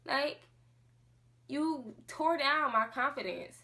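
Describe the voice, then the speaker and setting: Woman vlogger talking to camera, fired up, lots of rhetorical questions, kinda high bright voice. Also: lively intonation, slow pace. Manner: impassioned, full of rhetorical questions. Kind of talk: casual monologue to camera.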